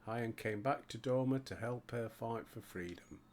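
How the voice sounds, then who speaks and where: A man's voice: medium pitch, normal speed, a little hiss or hum, lightly acted. A man with a Yorkshire accent voicing a defiant, loyal rebel retainer in a game, reading the lines insistently.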